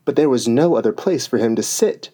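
A man reading a storybook aloud as narrator, in a measured way. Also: mid-range voice, expressive, dark tone.

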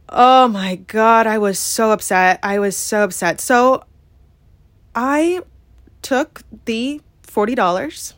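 Speaking at a medium pitch with no room sound around her, a podcast host recounts something from her own life. She's blunt, forceful and profane, peppering everything with "like" and "yeah?".

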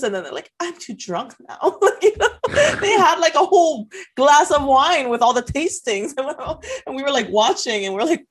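A woman's voice: high-pitched, a little fast, husky. A woman co-hosting a podcast in casual chat, a bartender who laughs often as she tells her stories. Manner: laughs often while telling animated stories. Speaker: podcast co-host.

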